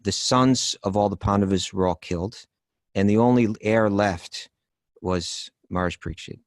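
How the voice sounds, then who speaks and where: A man co-hosting a spiritual podcast, explaining scripture calmly and supporting his partner. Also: lowish voice, normal speed, no echo. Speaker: podcast co-host. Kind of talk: casual spiritual podcast chat.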